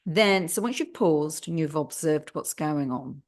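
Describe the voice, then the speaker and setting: A woman with a somewhat low voice co-hosts a mindfulness chat. She coaches listeners gently, often checking in with a soft "right?" or "yeah?". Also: lively intonation, unhurried. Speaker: podcast co-host. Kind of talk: casual chat.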